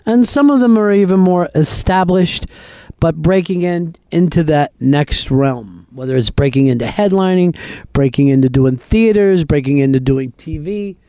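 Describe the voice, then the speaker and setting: Cohost making wry jokes between acts, middle pitch, dry close mic. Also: normal speed, warm tone, clean tone, no echo. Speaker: co-host introducing comedians. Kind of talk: casual introductions.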